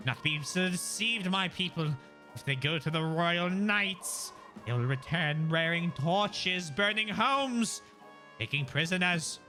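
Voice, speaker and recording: A man's voice: sits high, expressive, pushed and bright, soft background music, full character voice. Man doing a grandstanding rebel leader. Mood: rousing. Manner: slow, grand, rabble-rousing speech. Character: fiery rebel leader man rousing a mob.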